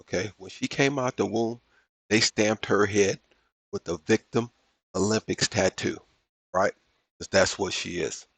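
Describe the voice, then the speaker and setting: Husky guy doing reaction commentary, blunt and mocking, dry close sound. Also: on the low side, steady tone, unhurried, pauses often, no echo. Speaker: commentary host.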